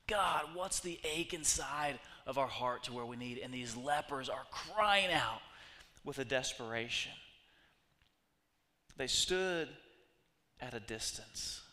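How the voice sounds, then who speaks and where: A man preaching a sermon as pastor, animated and acting out the voices of the people he quotes. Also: medium pitch. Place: church hall. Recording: echoey hall reverb.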